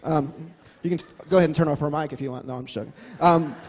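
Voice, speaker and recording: A man's voice: fairly high pitch, racing. A man with a slightly raised voice tells his testimony animatedly, throwing in jokes as he goes. His words ring with a long reverb through a church hall. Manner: animated, joking storyteller. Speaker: guest sharing his testimony. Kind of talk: personal testimony talk.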